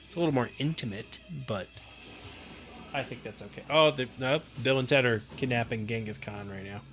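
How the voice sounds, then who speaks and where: A man's voice: mid-range voice, moderate pace, fairly bright tone, faint music behind. A man hosting a live pinball stream, chatting casually with viewers, laughing often as he plays. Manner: chatty, laughs often, talks to chat while playing.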